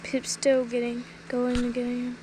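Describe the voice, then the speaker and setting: A woman with a high, bright voice narrates a casual family vlog outside in a rural yard. She talks chattily to her phone camera and eggs a dog on with eager calls. Faint background noise runs underneath. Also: moderate pace. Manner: chatty, excitedly urging a dog on. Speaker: family vlogger. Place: outdoors in a rural yard and field. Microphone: handheld phone camera.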